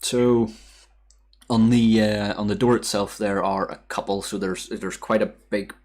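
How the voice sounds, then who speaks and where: A man narrating as dungeon master, describing scenes with frequent pauses and fillers. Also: on the low side, level tone, darkish tone. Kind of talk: narrating a tabletop game.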